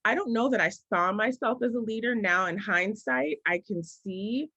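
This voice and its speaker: A woman in her forties, a business coach, answering interview questions in a thoughtful, story-telling way that often slows down to make a point. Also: medium pitch, pushed and bright, no echo, highs cut off.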